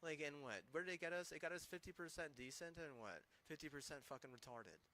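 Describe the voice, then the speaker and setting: A man's voice: a little high, animated, fast, sharp tone, low-quality recording. A young man streaming games, ranting angrily with constant swearing. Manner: angry, profane, ranting. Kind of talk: casual gaming stream rant.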